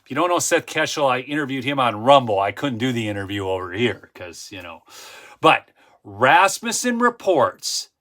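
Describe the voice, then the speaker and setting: A man's voice: mid-range voice, sing-song, normal speed, fairly bright tone. A man hosting a casual political livestream, ranting emphatically, repeating points and tossing in "okay?" asides. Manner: frequent "okay?" asides and self-interruptions.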